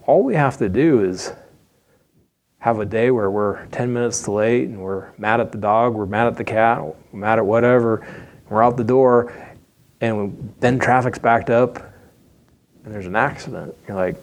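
A man preaches a sermon. He tells the story in a folksy, conversational way and mixes in humor. His voice sits at an ordinary middle pitch. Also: unhurried.

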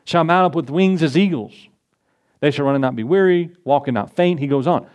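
A man delivers a sermon to a congregation in a slightly high voice. He preaches in a conversational way and acts out prayers and quoted lines as he goes. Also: a little fast, a little mellow. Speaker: pastor. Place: church in front of a congregation.

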